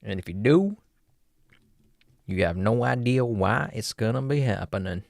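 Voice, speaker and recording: A man's voice: on the low side, animated, a little slow, creaky, darkish tone, no room sound, studio quality. A man hosting a casual livestream, talking in a jokey, playful way and chuckling often. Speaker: livestream host.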